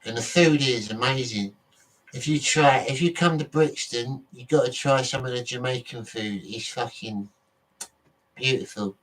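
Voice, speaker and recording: A man's voice: mid-range voice, unhurried, a bit bright, recorded from a distance, a little hiss or hum, poor audio. A man from Britain vlogging in a casual, rambling monologue, often correcting himself and swearing offhandedly.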